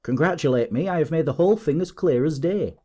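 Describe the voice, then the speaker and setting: A man voicing a pompous, boastful male police detective in an audiobook, talking in excited, self-satisfied bluster. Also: mid-range voice, fairly quick. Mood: triumphant.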